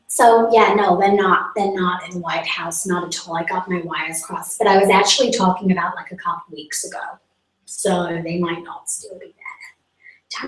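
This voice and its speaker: A woman's voice: lowish voice, normal speed. A boastful young woman rambles through a comic live stream as a self-styled celebrity, her speech full of "like" and mock outrage. She sits back from the mic. The room gives her voice a roomy echo. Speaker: comedic live stream host in character as a celebrity. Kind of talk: improvised character comedy monologue. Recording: roomy sound from a distance.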